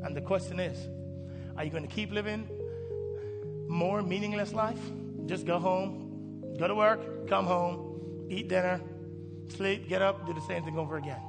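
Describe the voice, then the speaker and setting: A pastor preaching an impassioned sermon in a church, swinging from hushed asides to shouting and calling for responses from the congregation. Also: male voice, sits high, measured pace, pauses often. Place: church sanctuary. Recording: reverberant hall with faint music.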